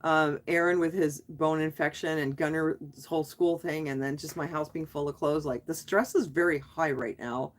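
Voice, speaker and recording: A woman's voice: low voice, steady tone, normal speed, few pauses. A middle-aged woman talking on a live stream, venting her frustration in a rambling way, with restarts and trailing sentences. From Canada. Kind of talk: casual live stream chat.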